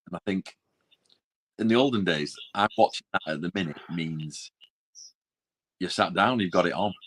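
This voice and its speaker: A very low-voiced man, chatting casually on a film podcast. He rambles, restarts his sentences and trails off into quiet, mumbled asides. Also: moderate pace, pauses often, poor audio. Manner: rambling, self-interrupting, drops into quiet asides. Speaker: podcast co-host. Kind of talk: casual chat.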